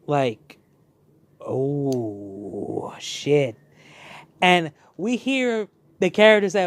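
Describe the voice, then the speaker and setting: A young man chatting excitedly while reviewing a show, animated and full of fillers. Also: on the high side, extremely slow, no echo. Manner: excitable, animated, many fillers and re-enacted quotes. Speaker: channel host reviewing a show. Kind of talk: casual review chat.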